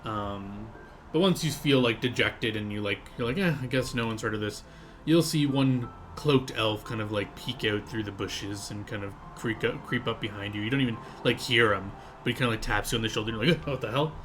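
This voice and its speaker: A man's voice: fairly low pitch, fairly quick, a bit bright, faint music behind. A man running a tabletop game, narrating in a loose, rambling way with many fillers. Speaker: game master.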